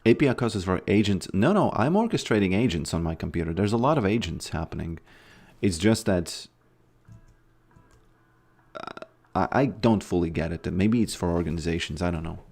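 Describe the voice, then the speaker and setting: A man's voice: deep voice, expressive, moderate pace, darkish tone, faint music behind. A man streaming a game and chatting casually with his viewers, laid-back and often trailing off mid-sentence. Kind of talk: casual livestream chat while gaming.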